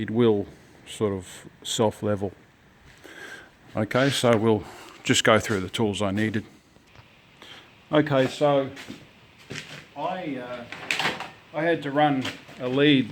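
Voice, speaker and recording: Casual home handyman, mid pitch, talks in loose restarts. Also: slight background noise. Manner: rambling, many ums and restarts. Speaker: home DIYer. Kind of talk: casual DIY walkthrough.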